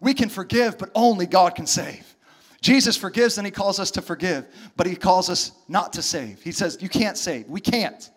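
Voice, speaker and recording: A man preaching a sermon as a pastor, animated, acting out voices when he quotes. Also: high-pitched, normal speed.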